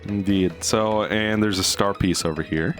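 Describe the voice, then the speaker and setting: Young guy rambling about a game he's playing, low voice, faint game music. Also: measured pace. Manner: rambling, relaxed, explaining game details. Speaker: let's play host. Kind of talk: casual gameplay commentary.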